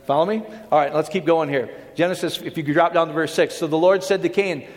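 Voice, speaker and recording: Male preacher, slightly high voice, conversational sermon delivery, long hall reverb. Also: fast talker, hardly any pauses. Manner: conversational, checks in with the audience.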